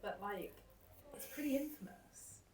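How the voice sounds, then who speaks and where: A woman's voice: mid-range voice, lively intonation, measured pace, whispered. A woman interviewer chatting casually, chipping in brief prompts. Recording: distant echoey mic with loud background noise.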